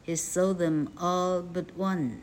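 A woman voicing a gruff male innkeeper who teases his guest in a matter-of-fact way, with faint noise behind. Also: fairly low pitch, steady tone, slow, rough recording. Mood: teasing.

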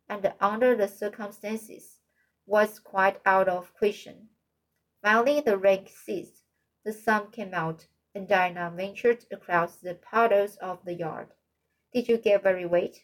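A woman reading a novel aloud as audiobook narrator, halting with frequent slips and restarts. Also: mid-range voice, fairly even intonation, poor audio.

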